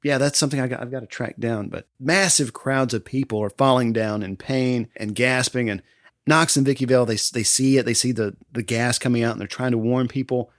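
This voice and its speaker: An enthusiastic male podcast host walks through a movie scene by scene, laughing often and acting bits out. His voice sits at an ordinary middle pitch, recorded close and dry. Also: steady tone, fairly quick, no echo. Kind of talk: casual movie recap chat.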